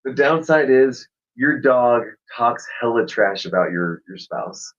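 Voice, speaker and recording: Lively-voiced man, distant from the mic. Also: medium pitch, measured pace. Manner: joking, playful banter. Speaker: podcast co-host. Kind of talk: casual chat. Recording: distant, dull lo-fi sound.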